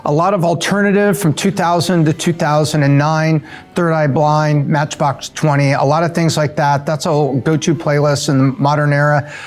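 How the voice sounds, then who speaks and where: Chatty middle-aged man, slightly high voice. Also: steady tone, moderate pace. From US East Coast. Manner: upbeat, chatty, with fillers and self-corrections. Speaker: show regular answering rapid-fire questions. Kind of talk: casual Q&A answers.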